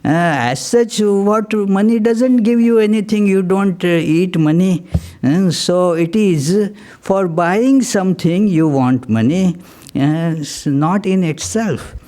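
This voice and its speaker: Slow, halting male spiritual teacher. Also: sits high, warm tone. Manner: slow, halting, many fillers; reflective, reads poetry aloud. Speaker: monk giving a spiritual talk. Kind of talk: spiritual discourse.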